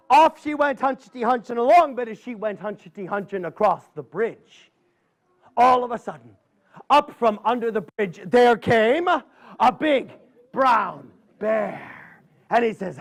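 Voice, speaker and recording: A folksy man storyteller spinning a campfire tale for a live audience, with a high voice that rises and falls a lot. He plays up the drama, stretching out pauses and pulling his listeners along. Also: lively intonation, creaky.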